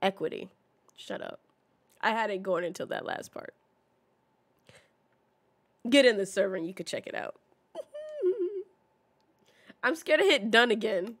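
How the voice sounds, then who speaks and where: A woman's voice: mid-range voice, expressive, unhurried, pauses often. A woman streamer chatting casually while playing and reading signs aloud, often stumbling and restarting mid-sentence.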